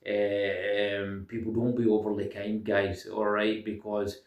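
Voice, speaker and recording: Talking to camera in a casual monologue, this man has a fairly low, level voice and speaks a little slowly. He lectures viewers insistently on self-improvement, keeps saying "guys," and fills pauses with ums and uhs. The sound is reverberant, far from the mic.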